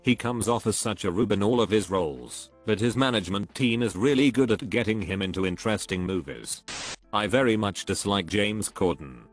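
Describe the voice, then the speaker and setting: A man reading online forum comments aloud in a steady, even narration. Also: fairly low pitch, a little fast, soft background music.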